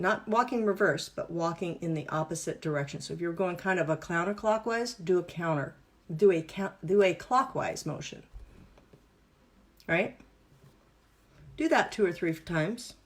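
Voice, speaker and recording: Brief: woman coach, upbeat and playful, instructive workshop host. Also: fairly low pitch. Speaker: wellness and business coach. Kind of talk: live online workshop teaching exercises.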